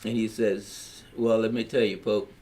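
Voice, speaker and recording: A man's voice: fairly low pitch, flat delivery, a little slow, darkish tone. Older man, Louisiana accent, rambling family storyteller, plain-spoken. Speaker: family elder telling his story. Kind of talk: storytelling in a family history recording.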